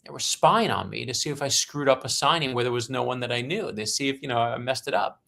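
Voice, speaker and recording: A man in his fifties from Brooklyn, a guest author telling stories on a podcast and acting out the dialogue with lively energy. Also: mid-range voice, fast talker, creaky. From Brooklyn, New York. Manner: animated storyteller acting out quoted dialogue. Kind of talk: storytelling in a podcast interview.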